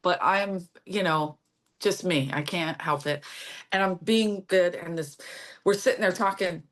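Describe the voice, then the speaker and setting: A woman's voice: on the low side, unhurried. Brash Philadelphia woman telling stories. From Philadelphia area. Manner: brash, animated storyteller acting out quotes. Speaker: stand-up comedian guest. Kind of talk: casual storytelling chat.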